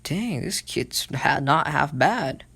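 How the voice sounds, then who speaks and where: A man voicing a gruff, intimidating male captain who talks bluntly and makes threats. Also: fairly high pitch, animated, takes it slowly, sharp tone, heavily acted.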